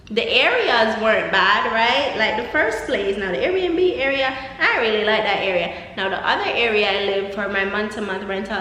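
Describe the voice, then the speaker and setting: A woman's voice: a little high, a bit bright, slight background noise. A young woman with a Jamaican accent chatting casually as a vlogger, laughing often and rambling through asides. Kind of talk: casual chat. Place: empty apartment. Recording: echoey empty room.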